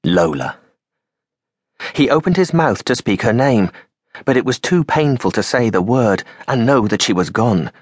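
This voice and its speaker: Guy reading a kids audiobook, kinda breathy voice, slow and dramatic, drops real quiet on the sad bits. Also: mid-range voice, sing-song, no echo, clean studio sound. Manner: measured and dramatic, slowing and dropping to a hush on grave moments. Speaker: audiobook narrator. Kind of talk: scripted audiobook narration.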